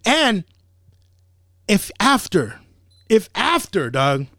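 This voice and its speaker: A man's voice: sits high, wildly swooping pitch, drawn-out words, sharp tone, dry recording, clean studio sound. A man co-hosting a casual podcast, talking bluntly and heatedly with heavy swearing. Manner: blunt, heavily profane, heated. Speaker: podcast co-host.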